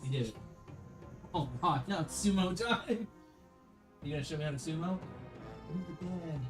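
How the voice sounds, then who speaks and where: Over clear background music, a woman streamer with a deep voice chats casually at a moderate pace. She teases, swears and laughs a lot, grunting with effort as she horses around.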